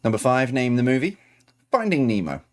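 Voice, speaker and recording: A man's voice: mid-range voice, big pitch swings, a little fast. A man reading out quiz answers as host, adding chatty, self-correcting asides.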